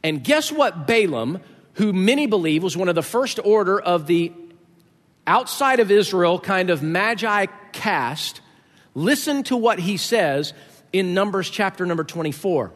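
High-voiced preacher in an echoey hall. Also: male voice, lively intonation, measured pace, a bit bright. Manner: conversational, joking asides to the congregation. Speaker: pastor. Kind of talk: sermon.

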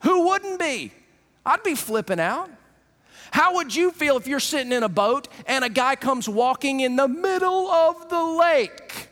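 A man preaching a sermon, animated and acting out the people he quotes. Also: very high-pitched, measured pace, big-room sound. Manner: animated, acts out quoted voices.

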